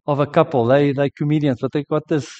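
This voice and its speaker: A South African pastor preaching in a chatty, storytelling way, often restarting his sentences. His voice sits a little high. The recording is dull and lo-fi. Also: level tone, fairly quick, a little mellow. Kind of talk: sermon.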